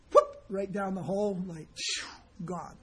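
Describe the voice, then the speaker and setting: A man's voice: high-pitched, fairly bright tone, slightly rough. A man teaching as a spiritual teacher in an informal sermon, speaking in a conversational, emphatic way and acting out the people he quotes.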